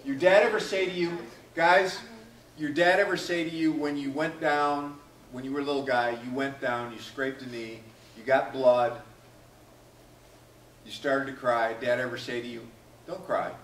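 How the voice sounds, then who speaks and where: A man's voice: medium pitch, steady tone, normal speed, a bit bright, distant mic, slight background noise. Man lecturing a class, echoey room. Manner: questions students by name, acts out quoted lines. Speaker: teacher.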